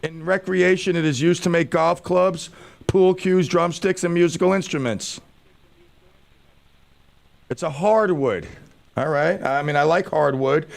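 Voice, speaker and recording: Gravelly man hosting a radio show. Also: on the high side, a little slow. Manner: joking, self-mocking banter. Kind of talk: casual radio talk. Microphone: studio microphone.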